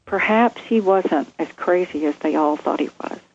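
A woman's voice: lowish voice, normal speed, slight background noise. Woman telling a story over a muffled line. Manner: animated, vivid storytelling with acted quotes. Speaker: guest, nurse. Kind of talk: storytelling in a conversation.

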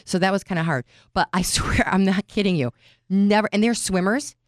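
A woman in her forties co-hosting a podcast, telling stories in casual chat and getting animated when she acts out scenes. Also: mid-range voice, a little fast, dry recording, studio quality. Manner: chatty storyteller, animated when retelling scenes. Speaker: podcast co-host.

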